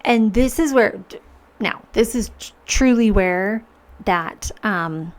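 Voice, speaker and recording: Speaking slowly at a medium pitch, this woman hosts a podcast and reflects earnestly on her own life. Her monologue is full of restarts while she voices her inner thoughts.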